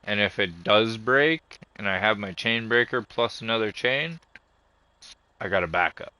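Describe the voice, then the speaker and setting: A foul-mouthed man rambles through a story in casual vlog talk. His voice sits low but bright and clear, with a sharp edge. The sound is close and dry. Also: animated, a little slow, no room sound. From Canada. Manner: profane, ranting storyteller. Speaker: vlogger.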